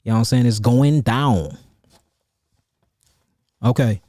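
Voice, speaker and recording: A man hosting a livestreamed Q&A about herbal healing, animated and repetitive, calling out names from the chat and hammering his points home. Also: mid-range voice, takes it slowly, no room sound, clean studio sound. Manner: animated, calls out chat names and repeats himself for emphasis. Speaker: herbalist host answering viewer questions. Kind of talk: livestream Q&A, casual and preachy.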